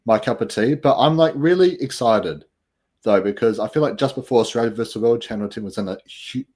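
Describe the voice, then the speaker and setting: A man's voice: medium pitch, fairly quick, darkish tone. A man hosting a casual chat show, upbeat and rambling, with lots of fillers. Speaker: podcast host.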